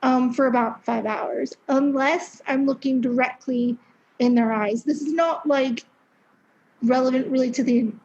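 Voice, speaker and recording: A young woman with a high voice talks as a podcast guest, in a loose, chatty way full of fillers and blunt swearing. The sound is dull and lo-fi. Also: fairly even intonation, unhurried, a little mellow. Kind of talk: casual interview storytelling.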